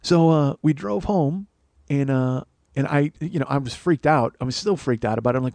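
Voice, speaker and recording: Man in his forties, podcast host, slightly high voice, dry close sound, profane rambling story, stumbling restarts. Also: moderate pace, darkish tone, no room sound. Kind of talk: comic storytelling monologue.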